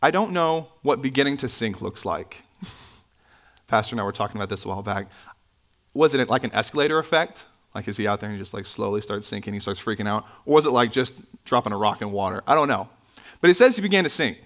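Animated, conversational male preacher. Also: quick pace. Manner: conversational, with asides and self-corrections; animated, pitch swinging up for emphasis. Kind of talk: sermon. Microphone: microphone, sometimes bumped.

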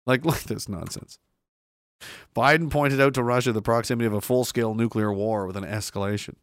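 A man's voice: mid-range voice, fairly quick, no echo, clean studio sound. A man streaming casually, reading chat aloud and rambling sarcastically with lots of fillers. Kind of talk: casual live-stream commentary.

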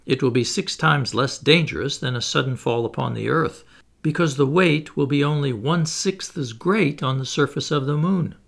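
A man's voice: medium pitch, moderate pace, gravelly, fairly bright tone. A man reading a bold, unflappable adventurer. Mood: assured. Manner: cheerful, assured, explanatory. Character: confident witty male adventurer, unflappable.

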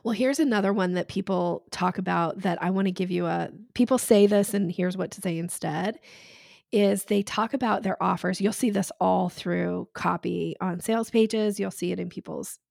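Frank woman sales coach, gravelly edge. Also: on the low side, moderate pace, a little mellow, no room sound, studio quality. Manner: emphatic, frank, laughs between points. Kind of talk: casual podcast conversation.

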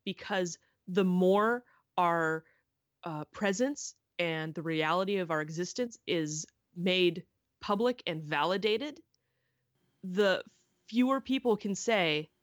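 A woman's voice: fairly low pitch, takes it slowly, no echo. Earnest, opinionated woman guest, dry close sound. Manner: earnest, opinionated, speaks up for queer visibility. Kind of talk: casual chat.

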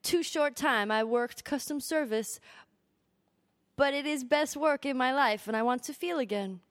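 A woman's voice: high voice, dry recording. A woman putting on an eager Korean-accented young man. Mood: earnest. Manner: halting broken English, formal letter reading. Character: earnest young male job applicant, eager.

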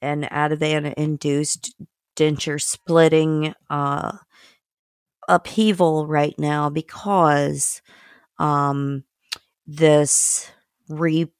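Brief: woman co-host, slow and gravelly, halting delivery full of fillers, dry close sound. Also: low voice, darkish tone, no room sound. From United States. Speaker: podcast co-host. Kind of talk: casual political chat.

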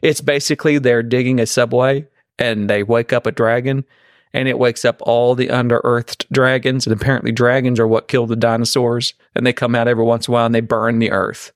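A man's voice: medium pitch, flat delivery, brisk, no room sound, clean studio sound. A man co-hosting a podcast in casual chat, rambling and restarting as he lays out a theory. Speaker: podcast co-host.

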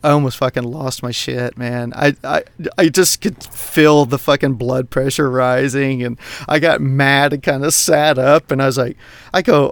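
A man from Texas co-hosting a casual podcast, telling a story in an animated way, with lots of swearing and laughter. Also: mid-range voice, normal speed, vocal fry, no room sound. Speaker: podcast co-host. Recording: dry close mic, online call.

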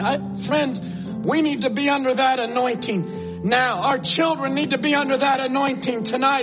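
A male evangelist preaching an impassioned sermon, swinging between loud cries and hushed prayer. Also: extremely high pitch, steady tone, moderate pace. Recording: dull lo-fi church tape with faint music.

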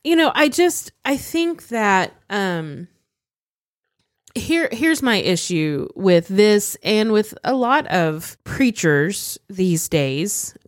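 A frank, opinionated woman co-hosts a casual chat, and her pitch moves in a lively way as she makes her points. Her voice is recorded dry and close, with no room echo. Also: slow pace. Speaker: podcast co-host.

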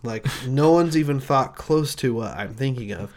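Animated rambling man pitching a film. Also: normal speed. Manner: animated, rambling storyteller acting out scenes. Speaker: podcast co-host pitching film ideas. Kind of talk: casual comedic chat.

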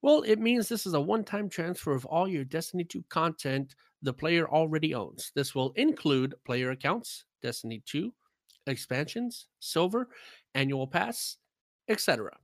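A man's voice: a little high, animated, normal speed, no room sound. An American man co-hosting a casual podcast, joking around and laughing as he reads out game news. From United States. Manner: jokey, laughs often, tries silly accents. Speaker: podcast co-host. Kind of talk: casual podcast chat, reading news aloud.

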